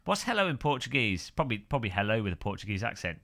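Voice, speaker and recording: A man's voice: medium pitch, animated, fast talker, hardly any pauses, fairly bright tone. A man hosting a casual live stream, rambling and joking while greeting viewers by name.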